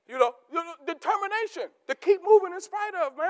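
A man preaching a sermon as pastor, repeating key words for emphasis and swinging between shouted peaks and low, quiet asides. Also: animated, quick pace, hardly any pauses. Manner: rising to shouts, then dropping to low asides.

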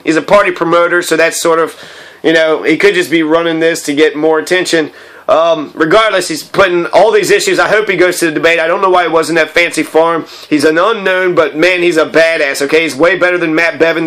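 A man with a slightly raised pitch and a bright, forceful tone runs through pictures in casual commentary. He rambles, speaks bluntly and throws in crude language. His opinions come across loud and plain. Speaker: political commentator.

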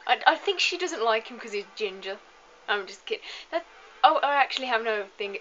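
Tired girl chatting over a game, bright forceful voice, a bit muffled and lo-fi. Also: fairly high pitch, expressive, a little fast, slight background noise. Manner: chatty and self-mocking, stumbles over hard words. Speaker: let's play host. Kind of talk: casual gameplay commentary. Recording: slightly dull lo-fi recording.

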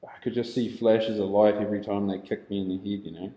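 A young New Zealand man with a New Zealand accent telling a rough story casually, heavy on swearing and laughter, now and then shouting. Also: on the low side, little pitch movement, quick pace, echoey room, rough recording.

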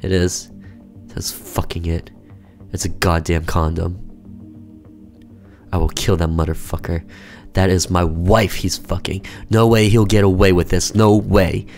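A man voicing a jealous, unhinged husband in a horror game, low and menacing. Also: little pitch movement, measured pace, pauses often, a little mellow, soft background music. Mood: seething.

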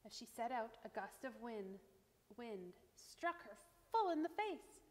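Female storyteller reading aloud to kids, gentle and expressive, echoey room. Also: on the high side, a little slow. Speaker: children's storyteller. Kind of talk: reading a picture book aloud.

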